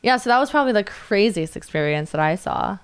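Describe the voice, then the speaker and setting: A woman's voice: fairly quick, smooth. A young woman, a waitress, telling stories in casual chat and acting out the people in them. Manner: animated, acts out quotes in high voices. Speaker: podcast guest, waitress.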